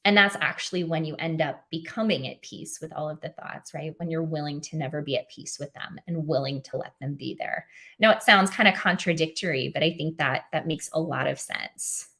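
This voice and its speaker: A woman's voice: low voice, fairly quick, pushed and bright. Earnest woman encouraging live-stream viewers. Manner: frequent "um" fillers, restarts. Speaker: OCD advocate hosting a live Q&A.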